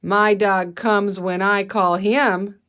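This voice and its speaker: A matter-of-fact young boy from a storybook speaks in a plain, steady voice, as a woman teacher reads him. The delivery is slow and unhurried. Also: mid-range voice. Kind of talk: reading a storybook aloud to children.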